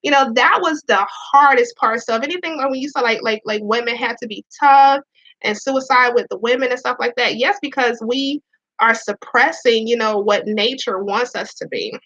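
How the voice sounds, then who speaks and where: A woman talks frankly to her viewers, near tears as she repeats herself and sometimes swears. Her voice is bright and sits a little high. The sound is dull and lo-fi. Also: moderate pace. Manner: candid, profane, repeats herself. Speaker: Navy veteran and police officer. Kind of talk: emotional personal storytelling to viewers.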